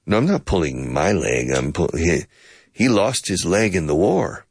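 A man's voice: very animated, a little slow, breathy edge, no room sound, studio quality. A man giving a playful English lesson, acting out both sides of a conversation and explaining phrases with bits of Spanish. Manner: acts out both sides of a conversation, switching pitch. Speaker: English teacher.

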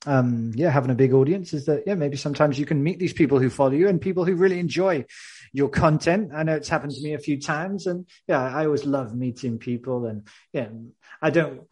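A man hosting a casual interview, talking in a relaxed way and often pausing with um and yeah. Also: a little high, breathy edge. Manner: relaxed, many fillers like um and yeah. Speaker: host.

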